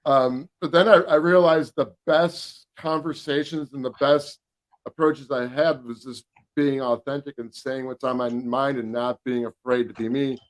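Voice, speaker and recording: A man's voice: medium pitch, fairly even intonation, moderate pace. A man guest in a casual talk, speaking in a rambling way with many restarts. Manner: rambling, frequent restarts and fillers. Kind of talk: casual chat.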